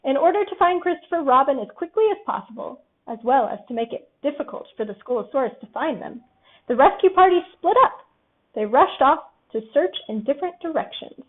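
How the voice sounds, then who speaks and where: Expressive woman reading a storybook. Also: high voice, a little fast. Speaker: storybook reader. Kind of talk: storybook narration. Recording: tinny phone-like audio.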